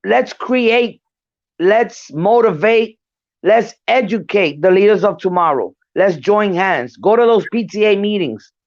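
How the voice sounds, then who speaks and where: A middle-aged woman guest on a remote call who talks in an emphatic, rallying way, slowing down for key words. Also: mid-range voice, animated, a little mellow, lo-fi sound. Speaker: guest, community leader. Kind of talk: casual discussion on a call.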